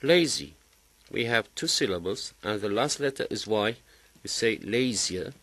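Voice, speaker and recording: A man who speaks Kurdish natively, teaching English grammar by slowly repeating and drilling word forms. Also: fairly low pitch, animated, a bit bright. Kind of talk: language lesson.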